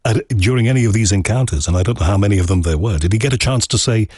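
A man's voice: on the low side, very fast, a little mellow, slightly rough, no echo, clean studio sound. A man hosting an interview, asking probing and skeptical questions, often at length. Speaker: interview host. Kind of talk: conversational interview.

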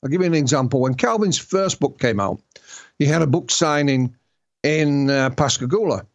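Yorkshire-accented male author, chatty storyteller with frequent restarts, somewhat higher voice. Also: expressive, moderate pace, muffled recording. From Yorkshire, England. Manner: storytelling, repeats and restarts words. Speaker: author and guest. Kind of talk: interview conversation.

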